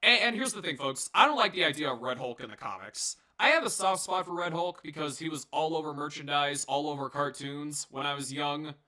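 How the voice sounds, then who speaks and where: Young male reviewer, somewhat high, very bright tone; loose, profane, jokey delivery full of "uh"s. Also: a little fast, few pauses. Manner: rambling, profane, jokey, many fillers and restarts. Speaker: movie reviewer. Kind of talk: casual solo review.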